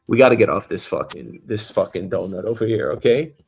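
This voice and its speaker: This comedian's voice is fairly low, creaky and a little mellow with a breathy edge, and he speaks briskly and expressively. Soft music plays as he hosts his news talk stream, rambling through profane, filler-laden commentary.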